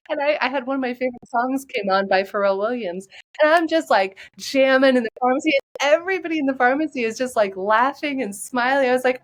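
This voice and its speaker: A woman podcast guest and coach talking in an animated, upbeat, storytelling way in a casual interview. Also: a little high, low-quality recording.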